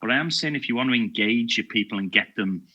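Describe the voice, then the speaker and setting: A man's voice: medium pitch, fast talker, pushed and bright, muffled recording. A man with a Liverpool accent talking as a podcast guest, enthusiastic, with frequent restarts and repeated words. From England. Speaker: podcast guest, security awareness video maker. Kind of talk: casual podcast conversation.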